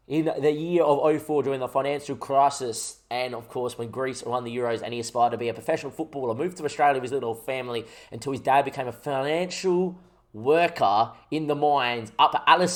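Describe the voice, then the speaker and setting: A young man hosting his gaming channel, chatting casually and jokily as he thinks out loud over gameplay. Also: mid-range voice. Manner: rambling, jokey, thinks aloud while playing.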